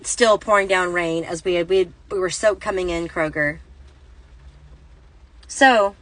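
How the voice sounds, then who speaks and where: A woman's voice: fairly low pitch, unhurried, no echo, rough recording. A woman in her thirties telling a rambling, self-correcting story in a casual vlog, recorded on a phone inside a parked car. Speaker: Christian vlogger.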